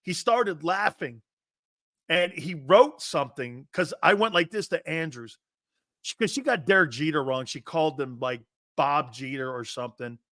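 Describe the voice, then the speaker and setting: A man's voice: on the high side, expressive, normal speed, a bit bright, no echo, studio quality. A brash middle-aged man hosting a sports talk show, ranting in rhetorical questions and laughing often.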